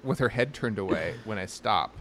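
A man with a fairly low voice co-hosts a casual podcast chat. He rambles, trails off, and restarts his sentences often, filling the gaps with plenty of fillers. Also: lively intonation, normal speed, fairly bright tone, slight background noise. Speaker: podcast co-host.

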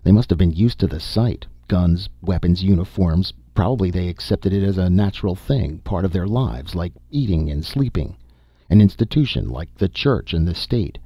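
A man reading an audiobook, voicing a steady, grim male expedition leader with a firm, commanding delivery. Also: deep voice, moderate pace, no echo, clean studio sound. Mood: grave.

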